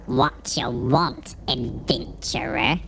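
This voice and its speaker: A gravelly old village drunk, as a man puts him on, rambling in a slow, folksy drawl. The voice sits higher than the performer's own and crawls along at a sluggish pace, thick with rustic turns of phrase. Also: fairly bright tone, soft background music, rough recording. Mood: gruff.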